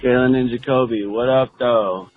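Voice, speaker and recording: A man leaving a relaxed, rambling voicemail with many fillers. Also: medium pitch, normal speed, narrow, tinny audio, soft background music. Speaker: voicemail caller. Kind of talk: casual voicemail message. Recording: dry phone voicemail.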